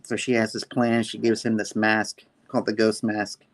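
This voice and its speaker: A man's voice: lowish voice, normal speed. Playful man retelling a comic. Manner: animated, playful retelling with sound effects. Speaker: host. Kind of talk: casual comic book review chat.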